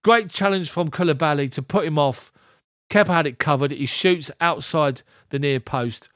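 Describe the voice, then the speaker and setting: Man, live football commentary, clipped play calls, chatty asides, slightly high voice, dry close sound. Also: moderate pace, fairly bright tone, no echo. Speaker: fan commentator and streamer. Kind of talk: live ball-by-ball match commentary.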